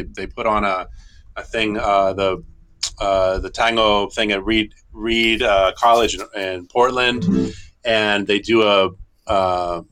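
Bright-voiced middle-aged man explaining, halting. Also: on the low side. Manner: thoughtful, halting, with frequent restarts. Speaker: tango guitarist and teacher. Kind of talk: explanatory interview answers.

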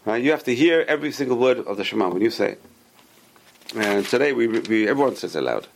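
A man's voice: medium pitch, expressive, fast, gravelly, slight background noise. A man teaching a casual Torah lesson, explaining step by step and answering his own questions. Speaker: rabbi teaching a class.

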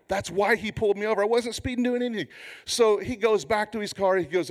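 A man in his fifties, a pastor preaching a sermon with humorous, animated storytelling. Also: high voice, fast talker.

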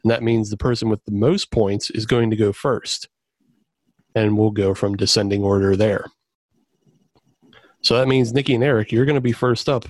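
A man's voice: fairly low pitch, steady tone, moderate pace, long pauses, no room sound. A man hosting a casual trivia game among friends, announcing the rules and giving rulings while laughing at the players. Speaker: quiz host.

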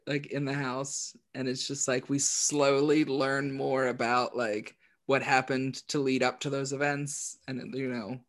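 A man chatting casually as a podcast co-host, laughing as he retells scenes in quick quoted voices. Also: mid-range voice, a bit bright. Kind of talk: casual chat.

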